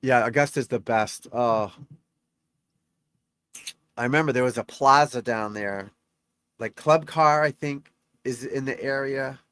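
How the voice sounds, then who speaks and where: A man's voice: medium pitch, unhurried, pauses often, a bit bright, clear, resonant tone, no room sound. A middle-aged man, a golf instructor, chatting on a live stream, reading out scores and talking to viewers in a rambling, talkative way.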